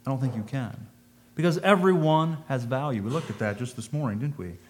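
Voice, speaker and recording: A man's voice: medium pitch, expressive, a little fast, a little hiss or hum. A man giving a conversational sermon, thinking aloud, asking his listeners questions and reading scripture in old-fashioned wording. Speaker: preacher.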